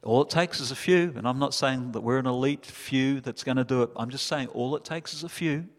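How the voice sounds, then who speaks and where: A male pastor preaches with fervour, his voice sitting in an ordinary middle register. His delivery swells into loud, passionate peaks. A long church-hall reverb trails every phrase. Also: mid-range voice, brisk. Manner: impassioned preaching, builds to loud climaxes. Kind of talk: sermon.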